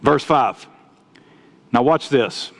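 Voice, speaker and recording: A man preaching a sermon, telling folksy stories and swinging between loud outbursts and quiet asides. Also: medium pitch, drawn-out words, gravelly. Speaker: pastor.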